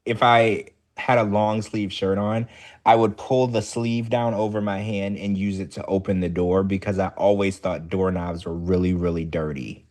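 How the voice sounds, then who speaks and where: A man co-hosting a casual podcast recap, chatty and animated, his voice jumping up high when excited. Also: normal speed. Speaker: podcast co-host.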